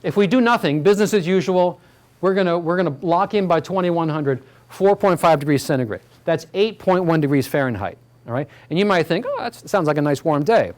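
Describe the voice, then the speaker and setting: A man's voice: fairly high pitch, expressive, fairly quick, darkish tone. A man giving a community lecture on slides, conversational and full of fillers, checking in with the audience. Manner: conversational, full of fillers and "all right?" asides. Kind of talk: public talk with slides. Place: community hall talk.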